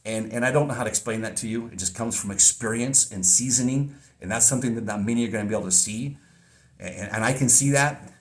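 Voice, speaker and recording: A man's voice: mid-range voice, quick pace. A middle-aged man hosting a podcast, talking in a casual, rambling monologue with frequent restarts. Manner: rambling, repeats words and restarts. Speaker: podcast host.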